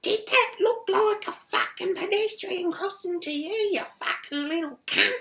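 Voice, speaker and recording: A comedian voicing a furious, foul-mouthed young woman driver who yells shrilly. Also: a little slow, heavily acted. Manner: shrill yelling.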